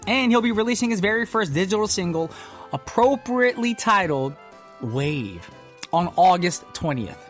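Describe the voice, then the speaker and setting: A man hosting a pop music radio show, reading entertainment news in upbeat patter with playful asides. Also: moderate pace. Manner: animated, playful asides, swoops high on exclamations. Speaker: radio DJ host.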